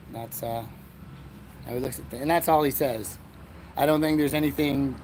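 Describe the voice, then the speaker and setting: A man's voice: on the high side, a little mellow, slight background noise. A man hosting a solo comedy podcast, rambling and self-mocking as he talks through his silly bits. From Erie, Pennsylvania, USA. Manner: jokey, meandering, self-mocking. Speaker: podcast host. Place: front porch outdoors.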